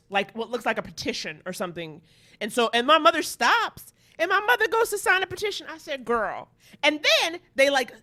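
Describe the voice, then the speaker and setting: A comedian from Harlem, New York, appears as a guest in casual comedic chat, her voice high, pushed, and bright. She tells stories animatedly and acts out the lines she quotes.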